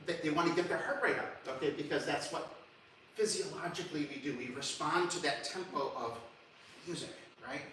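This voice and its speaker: Recorded from far away in an echoey hall with a little hiss or hum, a man lectures publicly at a brisk clip in a fairly high voice. He's animated and keeps restarting, singing and humming brief examples as he goes.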